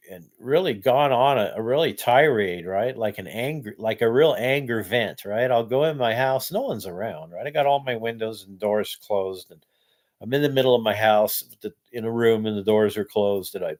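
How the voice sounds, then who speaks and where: A man in his sixties talking in a casual vlog monologue, tired and worn out, halting with many restarts and rising into angry rants. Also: medium pitch. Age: 60s. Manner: halting, many restarts, rises to loud ranting. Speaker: vlogger.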